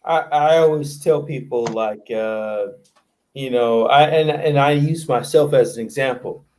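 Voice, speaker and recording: A man's voice: medium pitch, unhurried, a little mellow. A man in casual discussion, speaking hesitantly with many fillers and restarts.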